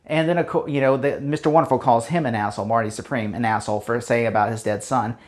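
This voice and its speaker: A man's voice: medium pitch, fairly even intonation, fast. Rambling man recapping a film. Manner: rambling, filler-heavy with many restarts and chuckles; blunt, opinionated. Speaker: movie reviewer. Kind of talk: casual spoken movie recap.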